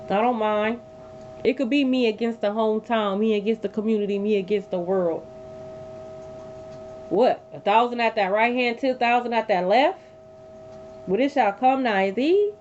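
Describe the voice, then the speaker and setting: Woman tarot reader on a livestream, higher voice, emphatic and profane, slightly muffled phone audio. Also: normal speed, long pauses, a little mellow. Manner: blunt, profane, emphatic repetition. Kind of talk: live tarot reading. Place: sitting on a bed at home. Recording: dull lo-fi audio with faint hum.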